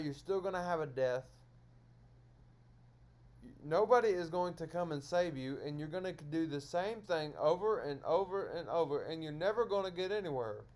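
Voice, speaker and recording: A man's voice: on the high side, darkish tone. A man lecturing his viewers in a solo stream monologue, scolding them over and over in repetitive phrases.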